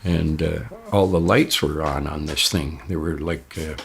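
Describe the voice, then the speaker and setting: A man's voice: rumbling low, steady tone, unhurried, gravelly, a little hiss or hum. An older man casually telling a first-person story, jumping his voice up when he quotes others. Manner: raises his voice sharply when quoting others. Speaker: interviewee recounting an experience.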